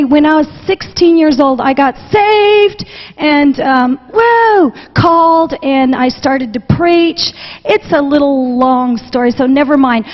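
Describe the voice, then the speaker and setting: High-voiced woman preaching slowly in a hall. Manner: fervent, halting storytelling with repeated phrases. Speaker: preacher and missionary. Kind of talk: sermon. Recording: dull recording with long hall reverb.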